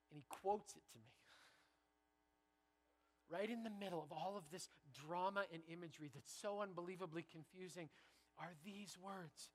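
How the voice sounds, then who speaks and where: Male preacher from Canada, high bright tone, sermon builds from hushed to rousing. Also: moderate pace, long reverb tail. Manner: builds from quiet reflection to loud, rousing repetition. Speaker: pastor.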